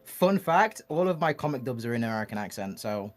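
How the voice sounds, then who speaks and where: A man's voice: medium pitch, sing-song, brisk, soft background music. A British man, a guest on a gaming podcast, chatting casually with hesitant, self-deprecating humor. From Britain. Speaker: guest, VTuber and comic dubber.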